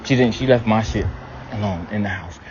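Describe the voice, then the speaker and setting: A man praying aloud to his ancestors, telling stories bluntly and candidly with constant swearing and sudden rises in pitch and loudness. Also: a little fast, slight background noise. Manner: blunt, heavy swearing, storytelling; animated shifts in pitch and loudness. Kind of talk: candid spoken prayer to ancestors. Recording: dull lo-fi sound with faint ambience.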